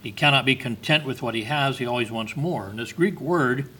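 A man delivers a sermon in a husky voice with a bright, forceful edge. He talks to his listeners like a conversation and keeps asking them questions. He lifts his voice to stress key words and reads scripture in old-fashioned phrasing. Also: mid-range voice, brisk. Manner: conversational preaching with rhetorical questions and emphatic lifts; reads scripture in King James wording. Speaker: preacher.

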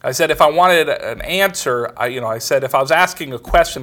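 A middle-aged man's slightly high, somewhat bright voice moves a little quickly as he preaches. He relates ordinary stories in a plain, conversational manner, quoting people along the way.

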